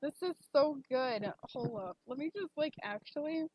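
Giggly high-voiced young woman streamer. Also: lively intonation, moderate pace, darkish tone, no echo, low-quality recording. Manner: giggly, gushing, lots of "like" and "literally". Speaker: game streamer. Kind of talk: casual live-stream chat.

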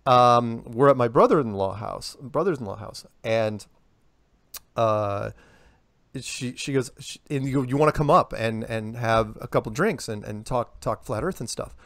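A man's voice: medium pitch, measured pace, dry recording. Rambling storyteller man, dry sound. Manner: rambling, animated storyteller acting out quotes. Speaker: interviewee. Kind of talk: casual phone interview storytelling.

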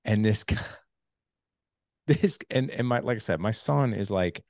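A middle-aged man hosting a casual podcast interview, telling stories with many fillers and jumping high when he quotes people. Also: unhurried, dry recording, studio quality. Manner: animated storyteller, many fillers, voice jumps high when quoting. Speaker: podcast host.

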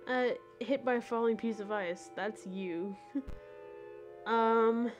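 A woman's voice: on the high side, slow, music in the background. A young woman live-streaming a game, giggling often, rambling, and reading the game text aloud.

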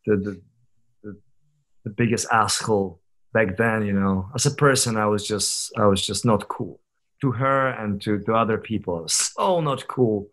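A man's voice: on the low side, fairly even intonation, moderate pace, a bit bright. A man over thirty, a guest on a podcast, telling stories in a candid, reflective way with many fillers and restarts. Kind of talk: casual conversational interview.

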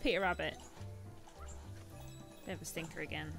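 A woman's voice: mid-range voice, lively intonation, normal speed, pauses often, a bit bright, faint music behind. A woman hosting a game livestream, joking and bantering with her chat in casual let's-play commentary. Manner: playful, jokey, bantering with chat. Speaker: streamer and show host.

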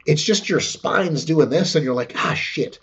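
A man talking as a guest expert in a casual, profane, animated way, acting out quotes as he explains. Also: fairly high pitch, normal speed, husky. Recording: dull lo-fi sound.

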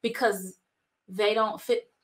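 A woman co-pastor joining the sermon, calmly telling a counseling story in a measured way. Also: mid-range voice. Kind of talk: sermon dialogue, telling an anecdote.

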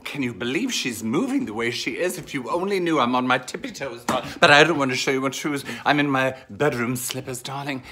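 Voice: mid-range voice, sharp tone. A campy, theatrical host leads a casual cocktail tutorial from a home kitchen, calling listeners darling and angels.

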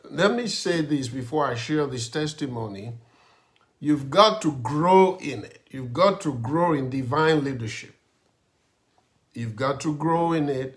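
A male pastor preaching a sermon and telling a personal testimony in a slow, dramatic storytelling manner. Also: mid-range voice, a bit bright. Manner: slow, dramatic storytelling with grumbling asides and laughs.

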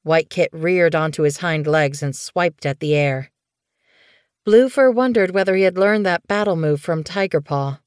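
A woman narrating an audiobook in a measured, expressive storytelling manner. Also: on the low side, clean tone, no echo, studio quality.

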